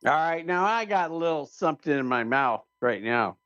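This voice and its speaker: Animated laughing male co-host. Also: on the high side, moderate pace, clean tone, no room sound, highs cut off. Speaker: radio co-host. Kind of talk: casual studio banter.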